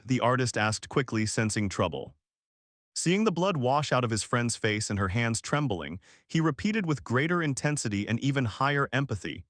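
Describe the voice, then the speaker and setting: A man narrates an audiobook from a script in a steady, even storytelling manner, with a mid-range voice at normal speed. The studio-quality recording has no echo.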